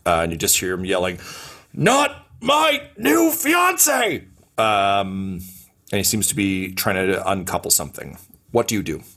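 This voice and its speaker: A man's voice: sits low, fairly even intonation, fast, a bit bright. A man narrating as game master in a tabletop role-playing game, rambling and filling his descriptions with fillers and restarts.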